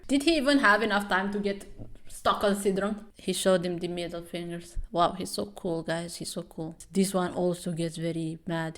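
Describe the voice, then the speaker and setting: A woman's voice: lowish voice, normal speed, a bit bright. A woman hosting a sarcastic, profane comic recap, sounding incredulous. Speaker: webtoon commentary host.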